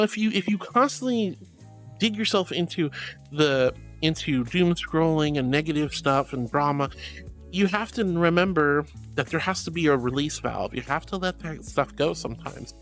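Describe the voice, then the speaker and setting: A woman streaming, chatting casually and reading viewers' messages aloud, swinging between soft low musing and high excited squeals.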